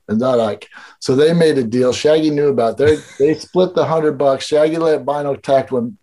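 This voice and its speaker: A man's voice: mid-range voice, moderate pace, warm tone. A man telling stories in a casual interview, loose and rambling, full of fillers and swearing. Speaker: guest. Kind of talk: casual storytelling chat.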